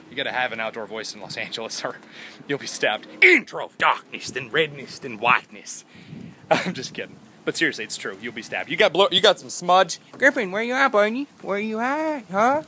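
A man's voice: mid-range voice, expressive, fairly quick, bright, forceful tone, a little hiss or hum, rough recording. A young man vlogging outdoors by his house, rambling and joking in a goofy way. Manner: goofy, jokey, jumps between topics and silly voices. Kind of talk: rambling casual vlog.

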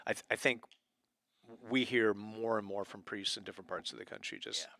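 A man, a priest appearing as a guest, talking in an easygoing, welcoming way that turns quiet and earnest. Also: fairly low pitch, brisk, gravelly, dry recording. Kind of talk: casual conversation.

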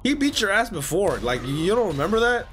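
A young man hosting an anime reaction video, swearing and yelling at the screen as he watches. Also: high voice. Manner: excitable, yells and swears at the screen. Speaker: anime reaction channel host. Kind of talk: reacting live to an anime episode.

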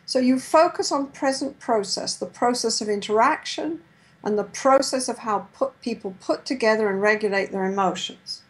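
A middle-aged woman giving a lecture on couple therapy, sometimes acting out therapist and client lines in a gentle voice. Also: fairly high pitch, moderate pace, low-quality recording. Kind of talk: lecture with role-played therapy dialogue.

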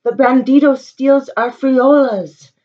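A woman's voice: high voice, steady tone, slow pace, highs cut off, pitched above the performer's own voice. A woman voicing an eager, chatty little male chihuahua in a storybook reading. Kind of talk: storybook read-aloud.

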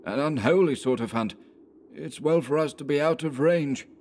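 A man voicing a tense, blunt male gold prospector in an audiobook reading, with sharp, alarmed outbursts. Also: fairly high pitch, moderate pace, a little hiss or hum, voice pushed up, natural voice. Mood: uneasy.

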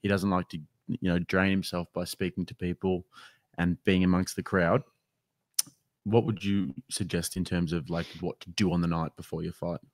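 A man's voice: low-pitched, flat delivery, normal speed, no room sound, clean studio sound. A man co-hosting a casual podcast, easygoing and curious, laughing often as he asks questions. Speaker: podcast co-host.

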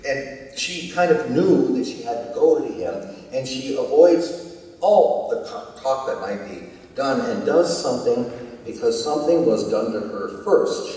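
A man's voice: medium pitch, dark tone. A man preaching a sermon as pastor, telling the story in a conversational way and asking the congregation questions. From United States. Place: church sanctuary. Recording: echoey church hall, distant mic.

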